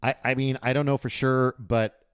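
A man's voice: medium pitch, level tone, moderate pace, clean tone. A man co-hosting a podcast, chatting with enthusiasm and playfully acting out lines from a comic. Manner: enthusiastic, playful, acts out quotes. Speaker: podcast co-host. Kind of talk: casual book-club chat.

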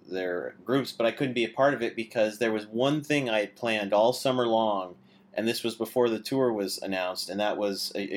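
A man hosting a podcast, rambling casually with many hesitations and restarts. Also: fairly low pitch. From Canada. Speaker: podcast host. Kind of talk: casual chat.

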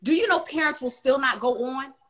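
A woman's voice: high voice, expressive, fairly quick, a bit bright. A woman, a tutoring center owner speaking as a guest in a live interview, giving emphatic advice straight to parents. She talks in a preachy way, repeats herself and calls her listeners y'all. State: emotional at times.

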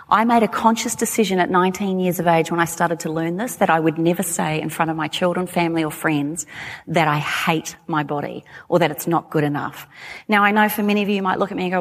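Australian woman, forties, lively chatty stage talk, long hall reverb. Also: on the low side, fairly quick. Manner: chatty, animated, laughing asides. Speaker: speaker. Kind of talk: talk to a live audience.

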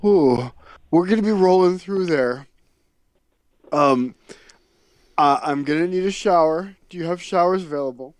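A podcast host hams it up with melodramatic wails and mock sobs, stammering through halting restarts. The delivery is slow and drawn out, and the sound is dry and close with no room echo. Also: mid-range voice, darkish tone. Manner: melodramatic wailing and mock sobbing. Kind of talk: improvised comedy role-play.

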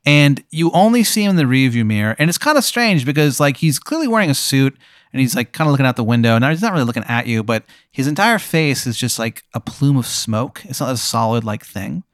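A man's voice: medium pitch, sing-song, fairly quick, dry recording, clean studio sound. A man acting as game master, narrating an improvised scenario in a loose, rambling way with many fillers. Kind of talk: improvised storytelling.

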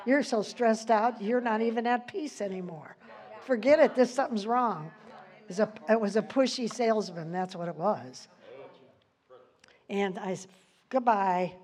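A woman's voice: mid-range voice, moderate pace, a little mellow. An older woman giving an informal Bible teaching, chatty, quoting scripture and laughing often.

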